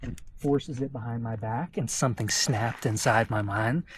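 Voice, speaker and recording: An American man, a travel vlogger, telling a personal story to camera in an animated way and often checking in with his listeners. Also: medium pitch, normal speed, slight background noise. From United States.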